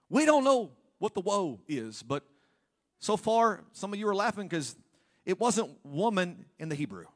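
Lively joking male pastor. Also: on the high side, normal speed. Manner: playful, joking asides to the congregation. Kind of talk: humorous sermon. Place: church.

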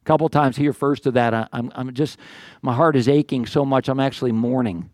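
A man's voice: mid-range voice, steady tone, a little fast, darkish tone, no room sound, clean studio sound. An older man pastor giving a conversational, earnest sermon, often restarting his words. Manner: conversational, earnest, with many restarts and acted quotes of the psalmist.

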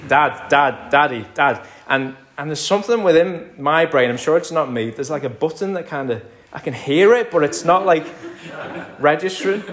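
A man's voice: on the high side, lively intonation, moderate pace. A man preaching a sermon, building to emphatic peaks and dropping to near-whispers. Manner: rises to emphatic crescendos, drops to near-whisper. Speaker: pastor.

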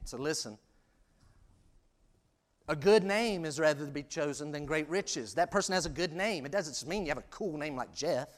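Man preaching with big swings in volume. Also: fairly high pitch. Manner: swings from hushed asides to loud emphatic peaks; conversational, self-deprecating preaching with jokes. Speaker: pastor. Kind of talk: sermon.

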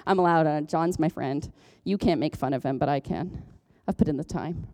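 A woman's voice: sits low, normal speed, dark tone. Chatty woman pastor preaching. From Ontario, Canada. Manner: chatty, self-deprecating, jokes and laughs often. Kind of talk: conversational sermon.

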